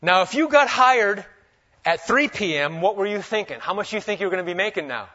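A man preaching a sermon, swinging between loud emphasis and hushed, humorous asides. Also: sits high, animated, fairly quick. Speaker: pastor. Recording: dull lo-fi recording.

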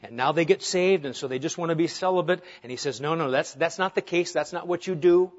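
A man's voice: a little high, a little fast. A male pastor preaching an earnest, emphatic sermon, asking his listeners rhetorical questions. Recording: dull lo-fi sound.

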